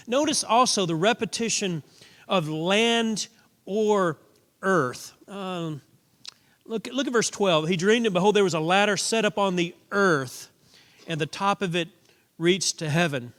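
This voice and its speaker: A middle-aged man teaches a Bible lesson in a relaxed, conversational manner, often repeating words as he restarts a thought. His voice sits high for a man. The sound rings with the long reverb of a church auditorium. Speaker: preacher.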